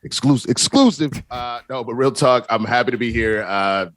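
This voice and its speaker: A man's voice: medium pitch, steady tone, moderate pace, fairly bright tone, no room sound. A man chatting casually as a podcast guest, joking around with frequent hesitations.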